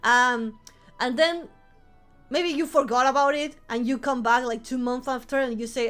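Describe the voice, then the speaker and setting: High-voiced woman, vtuber streamer, casual chat, animated, swears, shouts at times, faint music behind. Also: moderate pace.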